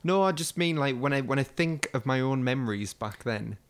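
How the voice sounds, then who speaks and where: A man's voice: mid-range voice, a little fast. Man swearing through a casual chat. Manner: swearing, animated storytelling with acted-out quotes. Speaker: podcast co-host.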